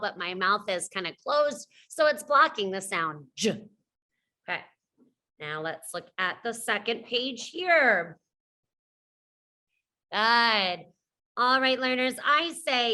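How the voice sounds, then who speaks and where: Young woman teacher, very slow, encouraging phonics delivery for young learners. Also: a little high, expressive, sharp tone. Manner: slow, encouraging, models sounds. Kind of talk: children's phonics lesson.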